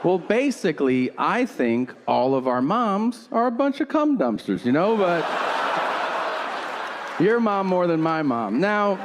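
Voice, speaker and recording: A man's voice: sits high, very animated, measured pace. A man doing a stand-up comedy set, telling a story with acted-out dialogue and crude punchlines. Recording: live venue with audience laughter noise. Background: audience laughter.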